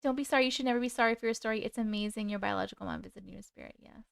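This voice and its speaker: Smooth-voiced woman hosting a live stream. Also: on the high side, racing, no room sound, clean studio sound. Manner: emotional, reacts openly to chat comments. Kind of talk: reading viewer stories aloud and chatting with live viewers.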